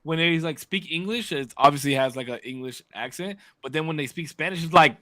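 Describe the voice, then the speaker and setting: A man co-hosting a casual podcast, excitable and emphatic, swearing and repeating himself for effect. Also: a little high, a little fast, no room sound. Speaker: podcast co-host.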